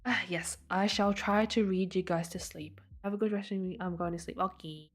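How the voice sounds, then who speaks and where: A woman's voice: lowish voice, steady tone, brisk. A woman from Sydney, hosting a livestream, chatting and greeting viewers one by one before reading a story aloud. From Sydney, Australia. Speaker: livestream host.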